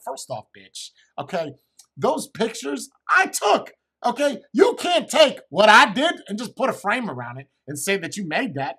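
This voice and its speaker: Husky middle-aged guy ranting a crude story to his chat, voice swings all over. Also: sits high, big pitch swings, unhurried, pushed and bright. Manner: crude, rambling, swears constantly. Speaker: comedian streamer. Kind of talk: profane comic storytelling to a live chat.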